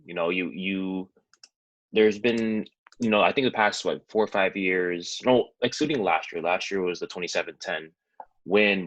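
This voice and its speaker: Deep-voiced man, hesitant sports talk. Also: fairly bright tone, no room sound, low-quality recording. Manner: hesitant, rambling with fillers. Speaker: guest sports analyst.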